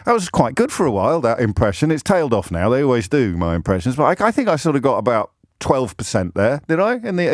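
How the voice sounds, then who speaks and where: A man's voice: mid-range voice, sing-song, fast, few pauses, no room sound. A man hosting a phone-in radio show from a studio, talking in a sardonic, mocking way with frequent asides. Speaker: radio talk show host. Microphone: studio microphone.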